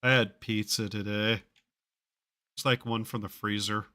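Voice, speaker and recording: A man's voice: lowish voice, steady tone, measured pace, sharp tone. A man streaming a game, chatting casually in a rambling, wry and self-mocking way, with offhand swearing. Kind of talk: casual live-stream chatter while gaming.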